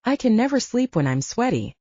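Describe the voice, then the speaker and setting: A tired young hero with a warm, mellow tone and lively swings in pitch, as a woman narrator puts him on. He speaks easygoing lines in a dry, slightly dull audiobook recording. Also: a little fast, slightly rough, no echo, full character voice. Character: young American man, tired hero on a quest.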